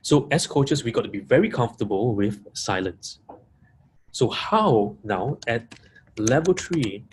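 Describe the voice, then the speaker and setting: Man, coaching trainer, webinar talk, emphatic stress, repeats himself, middle pitch. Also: animated, unhurried, a little hiss or hum. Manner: emphatic, repeats key points, stresses single words. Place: live audience room.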